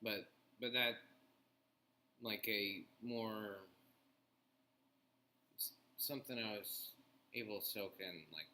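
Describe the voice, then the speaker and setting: Bright-voiced hesitant man, faint noise. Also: fairly low pitch. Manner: hesitant, halting, with many fillers. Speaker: podcast co-host. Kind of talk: casual chat.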